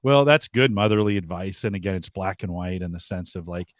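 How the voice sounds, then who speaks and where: A man co-hosting a podcast, thinking aloud as he offers advice to listeners. His voice sits fairly low, and the sound is dry and close with no room echo. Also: a little fast. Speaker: podcast co-host. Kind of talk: live podcast Q&A chat.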